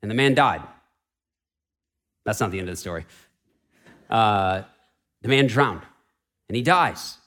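A man preaching a Sunday sermon in a church sanctuary, shifting between raised, urgent declarations and hushed, pleading passages. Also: fairly low pitch, expressive, measured pace, pauses often. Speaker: pastor.

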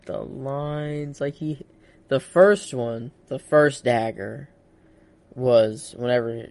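An excitable young man chatting casually about a film at an ordinary middle pitch. He jumps in with gasps and exclamations as scenes come up. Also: slow pace, gravelly. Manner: excitable, reacts with gasps and 'oh my God'. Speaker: co-host discussing a film. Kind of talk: casual chat.

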